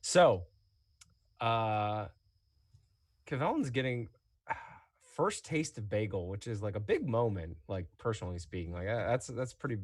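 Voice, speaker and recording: A man narrating as game master in a tabletop game, relaxed and chatty with many fillers. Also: on the low side, unhurried, pauses often, no echo, clean studio sound.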